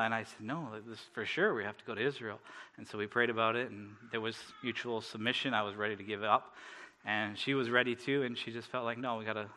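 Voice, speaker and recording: Bright-voiced man preaching with stories. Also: mid-range voice. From Canada. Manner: casual storytelling, laughs often, many fillers. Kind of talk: sermon with personal stories.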